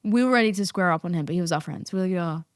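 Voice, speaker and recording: A young woman hosting a podcast, telling a story in a casual, animated way, swearing and breaking into laughter. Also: on the low side, racing, dry recording, studio quality. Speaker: podcast host.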